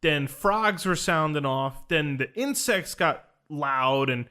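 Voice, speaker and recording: Rambling young man, fairly high voice. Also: lively intonation, takes it slowly, pushed and bright, clean tone. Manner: earnest, rambling with many "like" fillers and restarts. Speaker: podcast host recounting a ceremony. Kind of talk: casual conversational storytelling.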